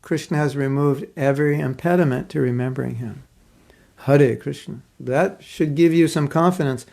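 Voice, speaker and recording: A man giving a devotional class, reading a story aloud and commenting on it in an earnest, expressive storytelling manner with pauses. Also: medium pitch, vocal fry. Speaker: spiritual teacher giving a class.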